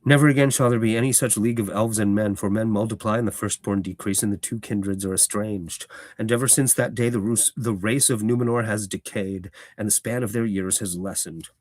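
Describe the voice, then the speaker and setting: A man's voice: fairly low pitch, fairly even intonation, darkish tone, no room sound, studio quality, close to an everyday voice. A man doing Elrond, solemn ancient elf lord. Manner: slow, stately, elevated delivery.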